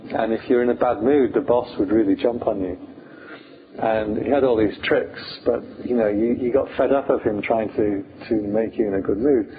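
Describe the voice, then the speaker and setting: A man's voice: lowish voice, steady tone, moderate pace. A British man, a Buddhist monk, teaching meditation in an informal, humorous talk full of fillers. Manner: chatty, humorous, many fillers. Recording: tinny phone-like sound, faint hiss.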